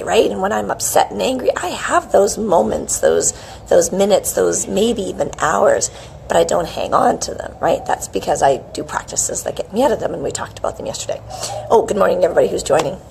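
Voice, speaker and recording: A middle-aged woman hosting a casual live wellness stream, chirpy and animated, greeting viewers by name. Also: medium pitch, a little fast, gravelly, slight background noise, poor audio. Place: outdoors with a palm tree behind. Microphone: hands-free phone camera.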